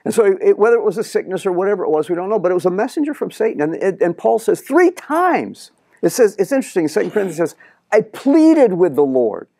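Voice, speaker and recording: A middle-aged pastor preaches with a gravelly, fry-edged voice. His pitch sits a little high and swings widely as he acts out the prayers he quotes. The sound is dry and close, with no room echo. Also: very animated, quick pace, mellow. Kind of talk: sermon.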